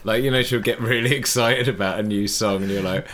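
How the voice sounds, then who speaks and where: A man co-hosting a comedy podcast, dry and joking, sometimes slipping into a slow, kindly storyteller voice. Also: lowish voice, fairly even intonation, a bit bright, a little hiss or hum. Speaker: podcast co-host. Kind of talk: casual comedic chat.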